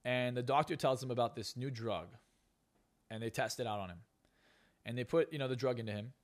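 A man's voice: mid-range voice, fairly quick. A man who is a hypnotist and coach, guest on a podcast interview, talking bluntly and profanely with lots of emphasis.

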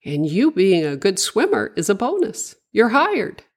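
A brisk female Dalmatian dog captain, as a woman reads her in a storybook, matter-of-fact and decisive. The voice is soft and breathy, with lively swings in pitch. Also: full character voice. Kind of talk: storybook voice acting.

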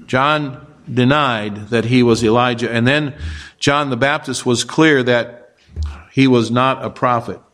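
A pastor preaching a sermon, explaining scripture with rhetorical questions and occasional fillers. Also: male voice, mid-range voice, steady tone, a little slow, a bit bright. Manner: expository preaching with rhetorical questions and acted quotes; frequent fillers and restarts.

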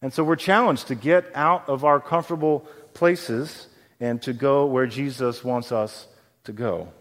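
A man preaching a sermon as pastor, telling a story with lively acted-out voices. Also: mid-range voice, measured pace. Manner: animated storytelling, acts out quoted voices. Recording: long hall reverb.

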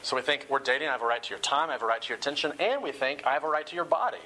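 A man's voice: medium pitch, very fast, bright, forceful tone, slight background noise, poor audio. A man giving a sermon-style talk, often repeating words as he starts phrases.

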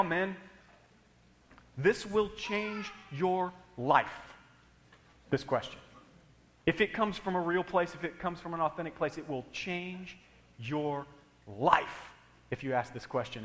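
A man's voice: a little high, measured pace, a bit bright, in a large hall. A man preaching a sermon in a church, emphatic and speaking straight to the congregation. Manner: emphatic, addresses the congregation directly. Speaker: pastor. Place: church hall.

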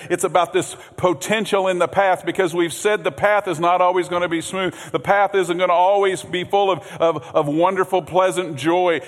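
A man preaching a sermon as pastor, earnest, repeating words, swinging from loud emphasis to hushed low passages. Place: church sanctuary. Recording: long hall reverb.

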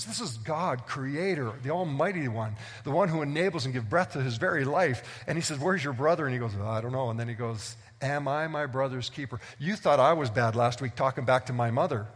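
A pastor delivering a sermon, acting out Bible dialogue with animated emphasis. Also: male voice, fairly high pitch, husky. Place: church sanctuary. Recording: long hall reverb.

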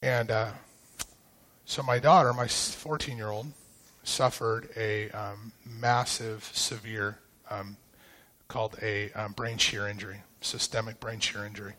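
A middle-aged pastor recounts a family ordeal in a sermon. He speaks haltingly, restarting sentences as the emotion catches him. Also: lowish voice, little pitch movement, sharp tone. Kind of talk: personal testimony in a sermon.

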